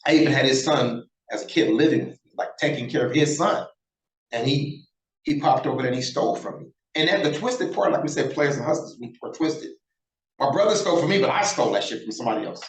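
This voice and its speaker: A man's voice: on the high side, fast. A man in his sixties telling stories in a casual interview, bluntly and profanely, acting out the dialogue. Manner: animated, acts out quoted dialogue, blunt and profane. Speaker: interview guest, former prisoner. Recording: roomy echo.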